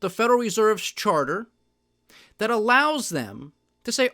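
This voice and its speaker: High-voiced sardonic man ranting. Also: sing-song, measured pace, bright, forceful tone. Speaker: podcast host. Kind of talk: solo political and market commentary.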